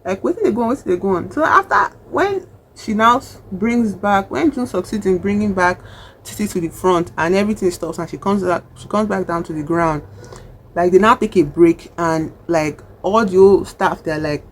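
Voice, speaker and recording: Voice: medium pitch, moderate pace, slight background noise. A vlogger with a Nigerian accent, chatting casually through a film recap and acting out the characters' lines. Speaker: film reviewer.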